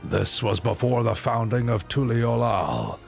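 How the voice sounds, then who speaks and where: A man voicing a stately old two-headed lizard king in a deep, grave robot-hero style for a game. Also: big pitch swings, creaky, exaggerated voice. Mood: commanding. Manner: slow, grave pronouncements. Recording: faint game music behind. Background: faint game music.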